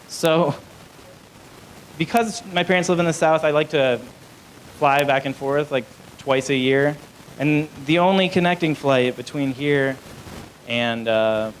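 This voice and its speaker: A man's voice: mid-range voice, slight background noise, low-quality recording. A young man doing a live stand-up set in a small club, rambling and self-deprecating, with many fillers. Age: young adult. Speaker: stand-up comedian.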